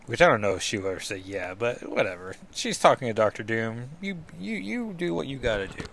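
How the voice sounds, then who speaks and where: A man's voice: medium pitch, big pitch swings, fairly quick, creaky, a bit bright, slight background noise. A man hosting a casual comic book review podcast, rambling and self-deprecating with lots of asides.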